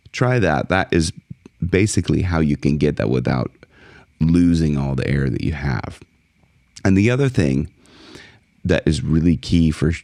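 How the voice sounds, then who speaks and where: A man teaching a singing lesson as a vocal coach, explaining technique in a relaxed way between short sung demonstrations. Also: no echo, studio quality. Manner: speaks in a low fry, then jumps high to sing song lines in demonstrations.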